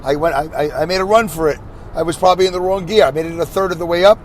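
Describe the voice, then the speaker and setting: A man's voice: on the high side, racing, slight background noise. A man from Brooklyn hosting a podcast, rambling in a self-deprecating way and talking to himself as he drives his minivan. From Brooklyn, New York. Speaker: podcast host. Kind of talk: rambling solo monologue while driving. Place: inside a minivan on the highway.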